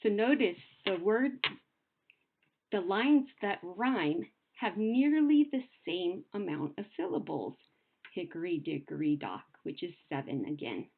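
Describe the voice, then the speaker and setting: A young adult woman teacher explaining poetry to children in a patient, sing-song way, slowing down to sound out words. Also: mid-range voice, big pitch swings, vocal fry. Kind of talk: recorded classroom lesson. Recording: phone-like narrow sound.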